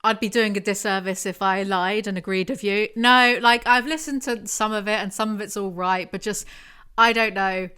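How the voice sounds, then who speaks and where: A young woman hosting a casual podcast, her voice bright and forward. She talks in a rambling, self-deprecating way, circling back on herself as she thinks aloud. Her pitch sits in a middle range for a woman. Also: moderate pace, smooth. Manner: chatty, rambling, self-deprecating with frequent laughs. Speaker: podcast host.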